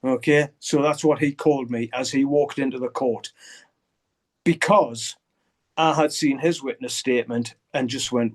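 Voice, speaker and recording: An older guitarist tells a candid story during a video-call interview, his medium-pitched voice steady and measured. He is blunt, swears often, and acts out what other people said.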